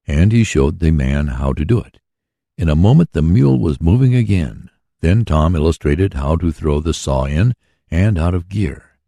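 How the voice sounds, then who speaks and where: A man narrating an audiobook in a steady storytelling manner. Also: deep voice, vocal fry, no echo, studio quality.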